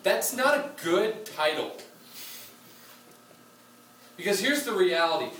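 The pastor's high-pitched voice turns sing-song and slow, with long pauses and a bit of brightness. His sermon stays conversational, full of fillers and asides, and the distant church-hall recording is roomy with faint ambience and a little hiss or hum.

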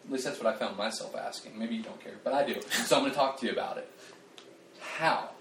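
A man preaching a casual sermon, animated and conversational, joking at his own expense and restarting his sentences often. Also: medium pitch, quick pace, noisy background. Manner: animated, conversational, self-deprecating, with frequent restarts and fillers. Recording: roomy, distant mic, faint ambience.

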